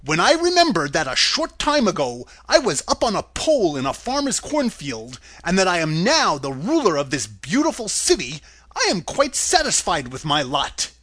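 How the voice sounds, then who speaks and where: A man voicing a proud, cheerful male scarecrow who has become ruler, speaking brightly and loudly. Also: high-pitched, wildly swooping pitch, normal speed, voice pushed up, exaggerated voice. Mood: pleased. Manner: boastful, bright and loud.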